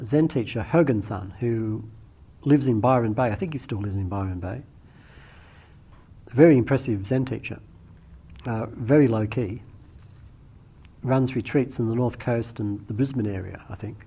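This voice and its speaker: Man, meditation teacher, slightly husky, reflective dharma talk with restarts, dull lo-fi recording. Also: medium pitch. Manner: thoughtful, unhurried, with frequent restarts.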